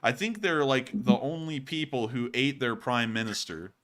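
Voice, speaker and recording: A man's voice: medium pitch, normal speed, a bit bright. A man hosting a livestream, talking in a chatty, rambling way with joking asides. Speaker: livestream host. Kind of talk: casual live commentary.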